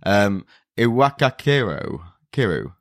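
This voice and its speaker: A man's voice: on the low side, big pitch swings, slow, creaky, fairly bright tone, no echo, studio quality. Rambling man co-hosting a podcast. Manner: rambling, self-deprecating, swears playfully. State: drowsy from hay fever pills. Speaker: podcast co-host. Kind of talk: casual chat.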